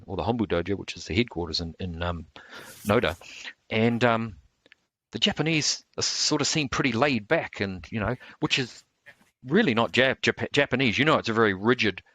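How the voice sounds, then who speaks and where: A man's voice: on the low side, a bit bright, no echo. A man being interviewed as a martial artist, telling long rambling stories with many restarts. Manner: rambling, full of restarts and fillers. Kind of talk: casual storytelling interview.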